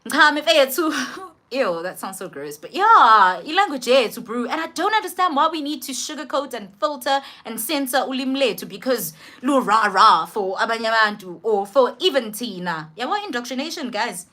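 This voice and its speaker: A young woman with a South African accent who tells a personal story in a casual vlog, switching between English and Zulu in an animated, slangy way. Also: fairly high pitch, fairly quick. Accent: South African, mixing in Zulu. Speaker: vlogger.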